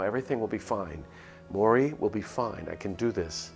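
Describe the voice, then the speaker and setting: A man reads a spooky visual novel aloud on stream, voicing the narrator in first person. His delivery is nervous and earnest, with small slips he corrects. His voice is very deep and gravelly. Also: fairly quick, hardly any pauses, soft background music. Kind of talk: dramatic first-person reading of a game script.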